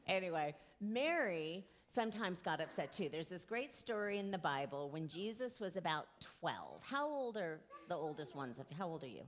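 A woman in her forties with a somewhat low voice leads a children's sermon. She speaks gently and keeps asking the children simple questions to draw them in. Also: sing-song, moderate pace, hardly any pauses, slight background noise. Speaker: children's message leader.

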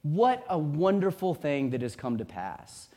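A man voicing a crowd of excitable village neighbors, exclaiming in a heightened, theatrical way. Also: a little high, measured pace. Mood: jubilant.

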